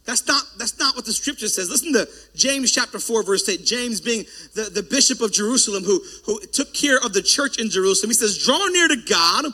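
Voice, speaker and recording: A man preaching a sermon as pastor, loud and forceful, breaking off for joking asides to the congregation. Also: high voice, animated, a little fast, hardly any pauses, breathy edge.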